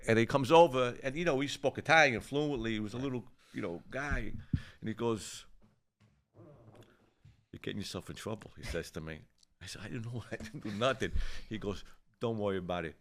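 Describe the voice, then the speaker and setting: An older man with a fairly low voice tells a story from the old neighborhood in a loose, casual way. He swears freely and slips into the voices of the people he quotes. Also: brisk, slight background noise. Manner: rough-edged, swears freely, animated when quoting others. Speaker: show host telling a story.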